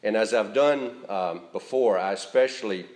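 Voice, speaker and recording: A pastor delivering a Sunday sermon in a fairly low male voice, earnest and measured. He leans on key words to drive the point home. The sound carries the roomy echo of a church sanctuary. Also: darkish tone.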